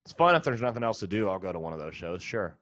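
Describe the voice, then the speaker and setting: A man's voice: low voice, sing-song, fast talker, fairly bright tone, no room sound. A man, a comedian and podcast host, delivering a profane, sarcastic, exasperated comedic rant. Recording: dull lo-fi, dry.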